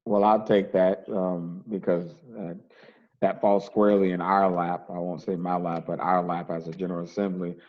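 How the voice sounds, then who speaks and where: A man, a state legislator, answering a panel question deliberately, with repeated words. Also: low-pitched, flat delivery, muffled recording. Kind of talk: panel discussion remarks.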